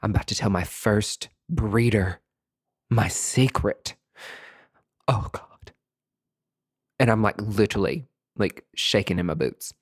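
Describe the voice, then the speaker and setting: A man's voice: fairly low pitch, slow, pauses often, slightly rough. A man hosting a podcast, telling a personal story in a campy, chatty and profane way. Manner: campy, chatty, profane, calls listeners sweetie. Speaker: podcast host. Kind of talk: casual storytelling monologue.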